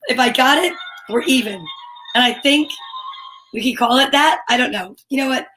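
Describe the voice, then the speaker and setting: Cheerful middle-aged woman with a high, bubbly voice, hosting a kids' story time stream on webcam. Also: normal speed, faint music behind. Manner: bubbly, animated, reads out viewer comments and names. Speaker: children's story time host. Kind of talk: lively live-stream talk to children.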